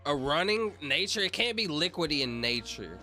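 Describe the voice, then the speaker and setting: Man, livestream chatter, bright voice, lively pitch, rambling, faint music behind. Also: normal speed. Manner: rambling, joking, reading chat aloud. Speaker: streamer. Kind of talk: casual livestream chat.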